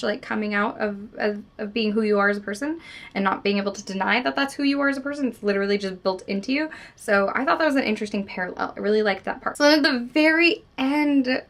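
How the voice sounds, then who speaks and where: A woman holding a casual spoiler discussion of a book she loves, gushing and excitable and swearing freely. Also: medium pitch. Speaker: book vlogger.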